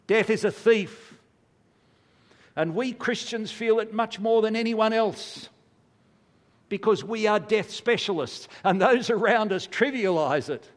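An older man preaches in a high voice, earnest and emphatic. He slows down for heavy pauses. His voice rings through a long church-hall reverb. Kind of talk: sermon.

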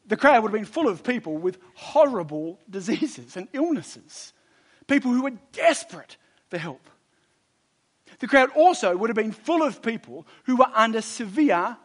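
A man preaching a sermon to a congregation, emphatic, moving between loud exhortation, quiet intensity and chatty storytelling asides. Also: high voice, very animated, a little slow, breathy edge.

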